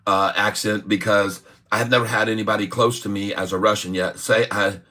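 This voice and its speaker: A man's voice: lowish voice, steady tone, a little fast, pushed and bright. A middle-aged man hosting a casual day-trading livestream, talking in a rambling, jokey way that drifts off topic and back. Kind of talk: casual livestream stock commentary.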